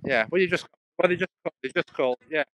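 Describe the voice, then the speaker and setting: A man's voice: a little high, fairly quick, a bit bright, a little hiss or hum. A man vlogging casually while walking outdoors through a churchyard, chatting in a rambling way with frequent restarts.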